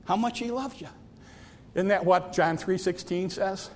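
A man preaching a sermon, repeating and stretching key phrases, sometimes sinking to a hush and sometimes rising to a cry. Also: sits high. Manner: drawn-out emphatic phrases, dropping to near whispers; repeats phrases and stumbles on restarts.

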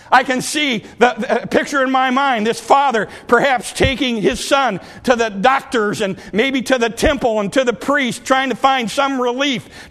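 A middle-aged man, a pastor, preaching a sermon that swings from impassioned peaks down to quiet, confiding asides. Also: very high-pitched.

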